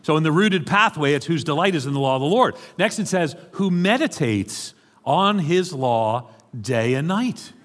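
Man, New York accent, middle-aged, pastor preaching a sermon, animated with playful asides, slightly high voice, long church-hall reverb. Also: normal speed. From New York City. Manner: animated, joking asides to the congregation.

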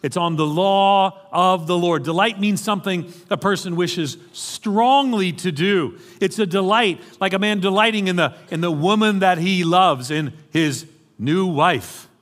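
A man's voice: high voice, unhurried. New York man preaching in a reverberant hall. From New York City. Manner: animated, joking asides to the congregation. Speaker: pastor. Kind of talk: sermon. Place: church hall.

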